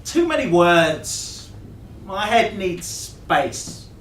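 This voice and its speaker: A man voicing a brash, famous young woman who talks loudly and teasingly in a stage monologue. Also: sits high, huge pitch swings, fairly quick, voice pushed up, full character voice. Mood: dismissive. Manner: loud, bossy and teasing. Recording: echoey room, distant mic, noise.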